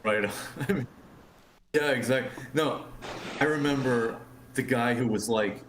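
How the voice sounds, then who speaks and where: A man's voice: mid-range voice, slow, a bit bright. A man acting as co-host in casual chat, mostly agreeing and trailing off mid-sentence. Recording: echoey room with faint noise.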